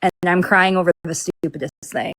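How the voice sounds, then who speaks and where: A woman's voice: on the low side, brisk, a bit bright, dry recording. A woman co-hosting a live stream, chatting casually in a rambling way with lots of filler words. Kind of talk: casual chat.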